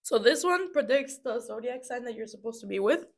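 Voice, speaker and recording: A woman's voice: a little high, animated, a little fast. A young woman co-hosting a casual chat, talking and giggling while she eats snacks. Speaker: co-host.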